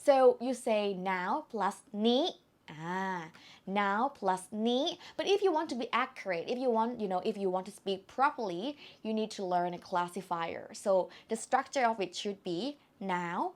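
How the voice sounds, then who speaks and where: A woman with a Thai accent teaching an online language lesson, speaking slowly and carefully and repeating words to model their tones. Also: mid-range voice, lively intonation.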